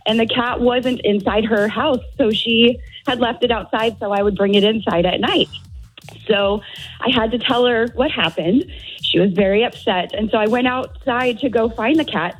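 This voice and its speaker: A woman calling in to a radio show, telling a story in a lively, breezy way. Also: on the high side, normal speed, husky, faint music behind, rough recording. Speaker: caller.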